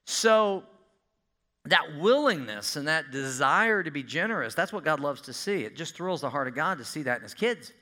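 Animated pastor preaching. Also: male voice, on the high side, moderate pace. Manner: animated, folksy, asks the congregation questions. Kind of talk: sermon.

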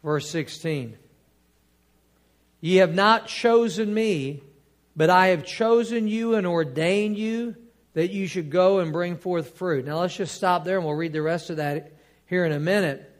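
A man preaching a sermon as pastor, quoting scripture and building to emphatic, drawn-out points. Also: sits high. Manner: preaching with rising emphatic bursts and drawn-out key words; quotes scripture in old King James wording.

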